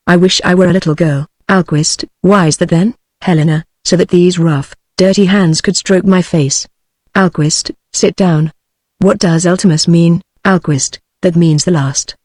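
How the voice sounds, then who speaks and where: A text-to-speech voice of a woman with a British English accent, reading a stage play aloud in one even voice, speaker names and stage directions included. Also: lowish voice, dry recording, clean studio sound. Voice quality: even synthetic delivery with no change between characters.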